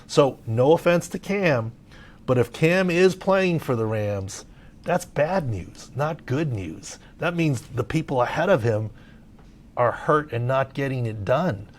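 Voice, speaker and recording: On this podcast, a sports medicine analyst from Southern California, middle-aged, chats in an animated way packed with filler words. His pitch is medium and his pace measured.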